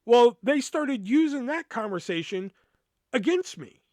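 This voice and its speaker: A man with a fairly high voice tells a story in a loose, swearing, rambling way, the kind of casual retelling a podcast host gives. The sound is dry and close, with no room around it. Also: unhurried, dry recording. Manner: profane, rambling, animated retelling.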